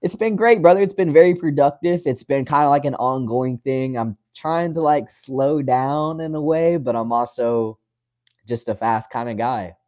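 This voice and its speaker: A man in his twenties from West Virginia, casually reading and answering viewer comments on his livestream, friendly and quick to laugh. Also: medium pitch, a little mellow. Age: 20s. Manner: friendly, calls viewers brother, laughs often. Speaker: livestream host.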